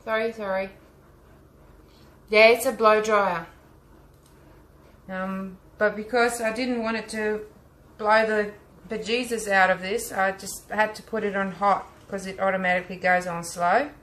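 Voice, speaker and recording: A woman's voice: mid-range voice, steady tone, unhurried, a bit bright. A woman with an Australian accent chatting casually with live viewers while she paints, teacher-like and friendly in her asides. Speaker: art teacher and vlogger. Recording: roomy echo with faint hum.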